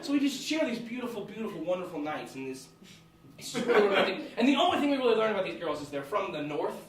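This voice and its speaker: A young American man telling a personal story on stage, animated and laughing as he goes. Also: high-pitched, quick pace. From United States. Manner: animated, laughing between lines. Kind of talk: live storytelling. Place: small theatre with live audience. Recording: echoey room, far from mic, audience.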